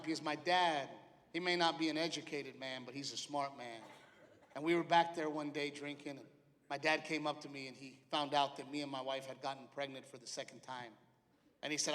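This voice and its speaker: A middle-aged man doing a stand-up comedy routine, animated storytelling that acts out his family members. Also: on the high side, moderate pace, a faint crowd. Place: large theater with live audience. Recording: live venue reverb, audience noise.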